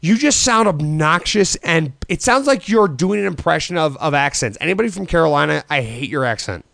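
A man with a gravelly, fry-edged voice set a little high, blunt and sneering as he trades jabs on a podcast. The sound is dry and close-miked. He delivers his insults flatly and bluntly. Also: a little fast, no room sound. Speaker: podcast co-host. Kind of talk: crude casual banter.

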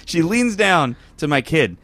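A man in his thirties telling an animated story in casual chat, acting out quotes from the people in it. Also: fairly high pitch, slow pace.

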